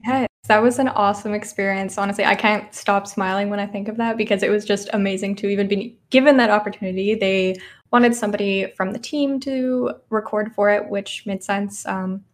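A woman's voice: mid-range voice, fairly even intonation, a little fast. A woman speaking from home as a game developer guest in an interview, upbeat and enthusiastic. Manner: upbeat, enthusiastic, many yeahs. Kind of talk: casual interview answers.

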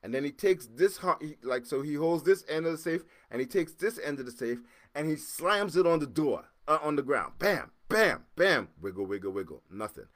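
Animated man hosting a podcast. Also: a little high, a little fast, no room sound, studio quality. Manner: animated, repeats words and acts out sounds. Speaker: podcast host. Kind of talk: casual storytelling monologue.

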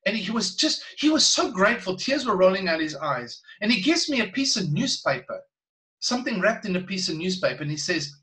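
A man working as a Christian minister, telling a story in an interview in an earnest, animated way and laughing between phrases. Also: sits high, brisk, rough recording. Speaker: Christian minister and guest speaker.

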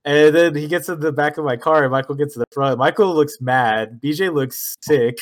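A man's voice: on the high side, normal speed. A man co-hosting a podcast, telling a story in casual, swearing chat and acting out quoted lines. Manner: swearing, animated retelling with quoted dialogue. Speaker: podcast co-host.

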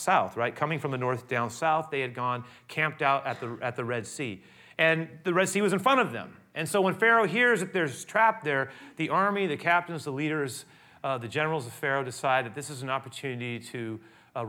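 A man preaching with a bright, forceful voice. He tells the scripture story with drama, rising to loud emphasis and dropping to a near hush. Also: mid-range voice. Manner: dramatic, swinging between raised and hushed delivery. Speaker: pastor. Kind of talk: sermon.

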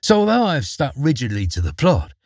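A male storyteller reading a folk tale with playful, expressive delivery. His pitch ranges very widely and his tone is husky. The recording is close and dry. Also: fast, no echo. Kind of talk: storybook narration.

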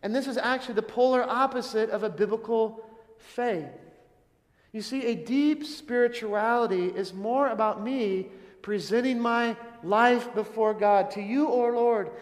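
A man's voice: high voice, a little slow, in a large hall. A man preaching a sermon in an earnest, questioning way, often asking his listeners something. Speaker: pastor.

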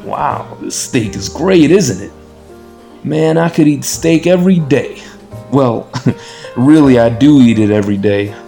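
A smug, boastful stockbroker. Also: male voice, medium pitch, animated, measured pace, vocal fry, warm tone, faint music behind. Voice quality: boastful, dismissive. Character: smug narcissistic male stockbroker on a date.

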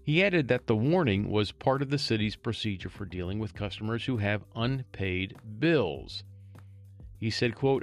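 A man reading a local news story aloud and adding chatty, wry asides as a storytelling host. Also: on the low side.

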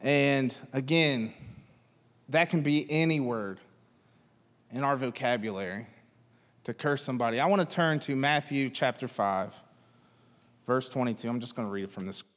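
A man's voice: mid-range voice, normal speed, pauses often, fairly bright tone, big-room sound. A man in his thirties preaching a sermon, talking casually and joking with the congregation. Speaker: pastor.

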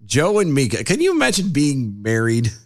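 A man's voice: mid-range voice, huge pitch swings, normal speed. A man co-hosting a casual commentary show, making dry, teasing wisecracks. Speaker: podcast co-host. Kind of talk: casual commentary on news clips.

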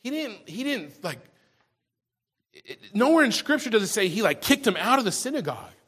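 Husky high-voiced male preacher. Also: very animated, normal speed, a bit bright. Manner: conversational preaching, frequent restarts and repeated words. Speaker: pastor. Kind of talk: sermon.

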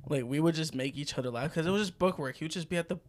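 A young man telling high school stories in casual chat, often laughing and acting out quotes. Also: rapid-fire.

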